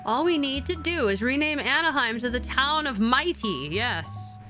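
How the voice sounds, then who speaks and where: A young woman streaming while doing a craft, chatting casually with her viewers and getting excited easily. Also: high-pitched, moderate pace, music in the background.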